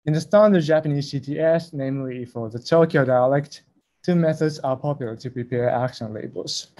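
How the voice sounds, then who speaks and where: Mellow-voiced man giving a conference talk. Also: medium pitch, brisk. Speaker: conference presenter. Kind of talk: academic talk over a video call.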